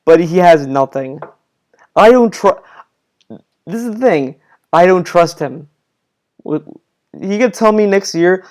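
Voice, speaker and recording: Young man, casual commentary, rambling, skeptical, restarts a lot, smooth clear voice, somewhat high. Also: expressive, measured pace, long pauses, a little mellow. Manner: rambling, repeats himself, restarts often, frustrated skeptical tone. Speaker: commentator reacting to a streamer's video.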